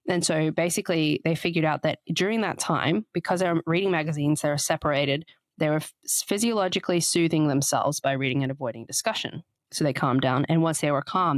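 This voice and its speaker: With a low, dry, close-sounding voice free of room echo, this podcast co-host chats casually. She explains ideas at length in a talkative way and frequently reads quotes aloud.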